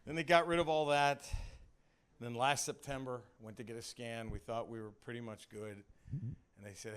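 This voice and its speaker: Bright-voiced man telling a story on stage. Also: medium pitch, fairly even intonation, normal speed, clear, resonant tone. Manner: loose and conversational, full of "like" and "you know". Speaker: stand-up comedian telling his own story. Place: comedy club stage, indoors.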